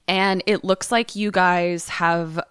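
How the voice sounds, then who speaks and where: A young woman co-hosting a podcast, retelling a movie trailer in casual chat, animated and swearing, with lots of "like". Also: on the low side, slow, clean tone, no room sound, clean studio sound. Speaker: podcast co-host.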